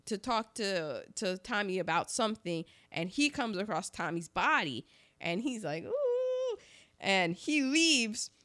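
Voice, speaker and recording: High, bright-voiced woman, laughing as she talks. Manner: animated, laughs often while retelling scenes; excitable, with many restarts. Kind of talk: casual film discussion.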